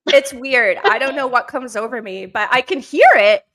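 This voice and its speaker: A woman with a New Hampshire accent hosts a casual morning chat. Her voice sits a little high, and she talks in an upbeat, chatty way with easy laughter. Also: moderate pace, fairly bright tone. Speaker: podcast host.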